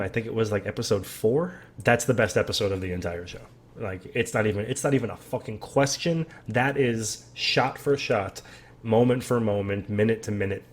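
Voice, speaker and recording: A man hosting a casual reaction vlog, rambling and swearing as he tells an animated story. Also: on the low side, husky. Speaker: host.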